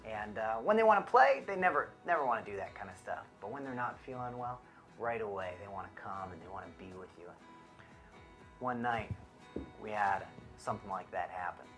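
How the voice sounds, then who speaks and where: Earnest young dad preaching at home. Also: male voice, fairly low pitch, lively intonation, brisk, fairly bright tone, faint music behind. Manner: earnest, conversational, grows impassioned. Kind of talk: devotional talk to camera. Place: child's bedroom at home.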